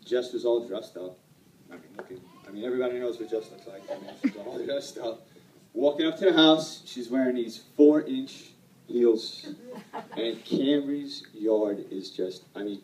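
A man's voice: medium pitch, warm tone, echoey room, distant mic, a little hiss or hum, poor audio. A man telling a personal story to an audience at an event, self-deprecating and rambling, laughing often. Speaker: speaker at a sales event.

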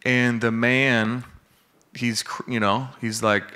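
A man's voice: mid-range voice, slow pace, smooth. A man preaching a sermon in a casual, conversational way, telling a story and often asking "okay?" and "you know?" along the way. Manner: casual and conversational, with many fillers and tag questions; gets excited and laughs while joking.

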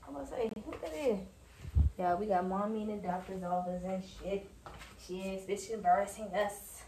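A woman's voice: mid-range voice, moderate pace, warm tone, reverberant, far from the mic, a little hiss or hum. A young woman vlogging casually in a doctor's office, teasing and joking in profane slang and sing-song baby talk. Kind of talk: casual vlog chat.

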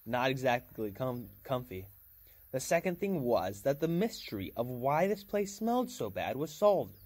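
A man's voice: medium pitch, very animated, normal speed, a little mellow, no echo. Man reading a novel aloud casually. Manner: casual first-person storytelling with small slips and restarts. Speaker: reader.

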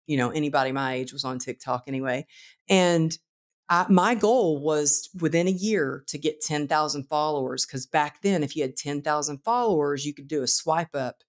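Low-voiced woman telling a lively story. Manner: animated, acts out quotes in the story. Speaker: guest author. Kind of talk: conversational storytelling.

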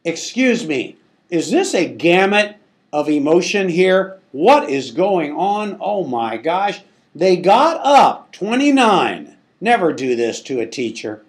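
A high-voiced male Bible teacher preaches at an unhurried pace. He talks conversationally and emphatically, often stopping to ask rhetorical questions. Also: animated. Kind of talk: sermon.

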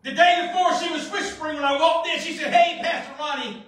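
A man pastor preaching a Pentecostal sermon, shouting with passion and dropping to hushed storytelling. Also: very high voice, steady tone, fast. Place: church sanctuary. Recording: very echoey room, distant mic.

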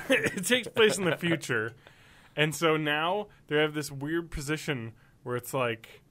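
A man's voice: on the high side, lively intonation, takes it slowly, pushed and bright. A man co-hosting a podcast in casual chat. He rambles and swears freely, and he laughs often. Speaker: podcast co-host.

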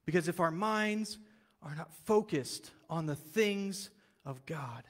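A man preaching a sermon as pastor, telling the story in a lively, casual way and acting out the quotes. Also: fairly high pitch, slow, big-room sound. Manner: animated storytelling, casual slang, acts out quotes. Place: church sanctuary.

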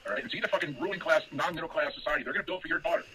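Brief: lecturing man in his fifties, fast and animated, over a noisy chat connection. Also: on the high side. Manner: mocking, lecturing. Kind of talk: heated voice chat argument.

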